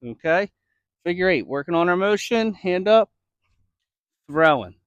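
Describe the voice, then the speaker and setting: Baseball coach demoing drills: a high-voiced man, slightly winded, checking in with "okay?" and "right?", in a dry, close recording. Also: animated, a little slow, clean tone, no room sound, highs cut off. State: slightly out of breath. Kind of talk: instructional demo.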